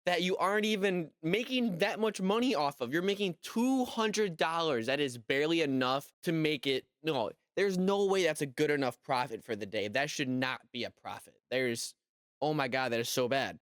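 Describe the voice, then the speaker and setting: A young man talking over a show in loose, disbelieving commentary, voice sitting a bit high and recorded close and dry with no room around it. He rambles, repeats himself and keeps piling on "like" as he reacts. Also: expressive, moderate pace, a bit bright, dry recording. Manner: incredulous, rambling, lots of "like". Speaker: commentary YouTuber.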